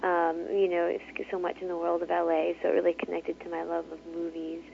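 A woman's voice: lowish voice, completely flat delivery, brisk, creaky, a little hiss or hum. A woman author talking casually as an interview guest, chatty, with many fillers and frequent laughs. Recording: tinny phone line.

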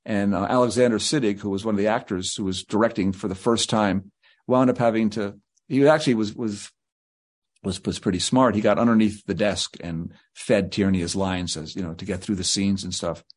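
A man's voice: on the low side, steady tone, a little fast. A male guest author telling rambling anecdotes in an interview, slipping into quoted voices.

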